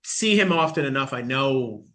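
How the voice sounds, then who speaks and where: A man in his forties, a podcast guest, chatting casually and telling expressive, animated stories. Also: mid-range voice, moderate pace. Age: 40s. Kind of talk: casual conversation.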